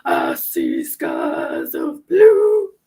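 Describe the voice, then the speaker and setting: A woman doing an exaggerated impression of a gravelly male jazz crooner, singing slowly. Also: very deep voice, wildly swooping pitch, mellow, faint music behind, voice pushed down, exaggerated voice. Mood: crooning. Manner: sung very slowly, swooping.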